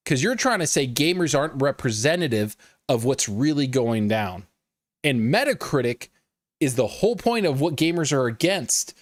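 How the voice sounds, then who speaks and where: A man's voice: a little high, no room sound. A man hosting a live gaming news stream, talking casually with lots of swearing and riffing with his chat. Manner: profane, animated, riffs and laughs at chat.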